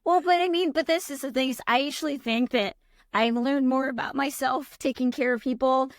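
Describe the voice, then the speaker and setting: A woman's voice: high voice, fairly quick, dry recording. A woman plastic surgeon hosting a casual podcast, telling patient stories in a reflective, talkative way with many fillers. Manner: warm, reflective storytelling with frequent fillers.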